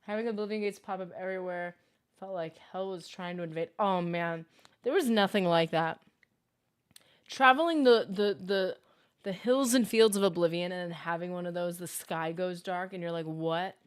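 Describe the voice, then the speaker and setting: Young woman rambling on her game stream, excitable, kinda low voice, reads chat out loud. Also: moderate pace, clear, resonant tone. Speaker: livestream host. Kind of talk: casual gaming livestream chat.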